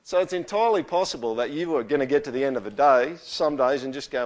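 A man preaching a sermon to a congregation in a conversational style, turning animated as he acts out quotes. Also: medium pitch, fast talker, hardly any pauses. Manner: conversational, animated when quoting. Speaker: pastor.

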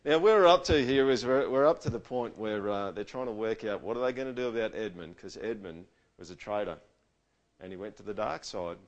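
Casual, animated male preacher. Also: on the low side, brisk, lo-fi sound. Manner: casual and animated, with rhetorical questions to the audience. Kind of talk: conversational sermon.

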